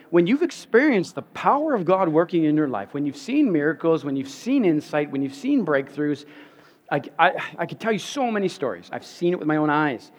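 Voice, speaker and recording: A man preaches from the pulpit, his voice sitting a little high for a man. He tells stories in an animated way, doubling back over his words and laughing at himself. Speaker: pastor. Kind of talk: sermon.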